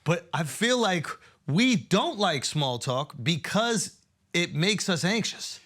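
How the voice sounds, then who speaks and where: A man's voice: high-pitched, big pitch swings, takes it slowly, fairly bright tone. A man hosting a podcast, playful and teasing, laughing often through casual banter. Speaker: podcast host.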